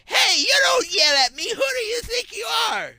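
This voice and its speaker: A man voicing a loud, demanding old woman shopper who yells, bosses and repeats herself. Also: extremely high pitch, sing-song, normal speed, no echo, pitched above the performer's own voice, heavily acted. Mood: yelling demanding. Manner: yelling, bossy, repeats words.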